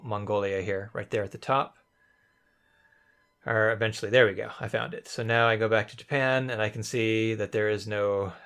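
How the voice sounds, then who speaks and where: A man's voice: mid-range voice, fairly bright tone. A young man casually commentating his own gameplay after the fact, thinking aloud in a rambling, hesitant way with many restarts. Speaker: let's play commentator.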